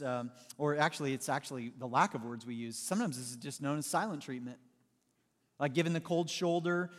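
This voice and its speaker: A man preaching a sermon, with animated storytelling and playful asides to the congregation. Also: on the high side. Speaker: pastor. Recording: long hall reverb.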